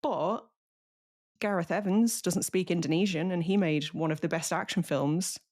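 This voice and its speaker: A woman's voice: fairly low pitch, moderate pace, a little mellow. A woman co-hosting a film podcast, talking casually in a wry, blunt way and laughing often. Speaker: podcast co-host. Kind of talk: casual film review chat.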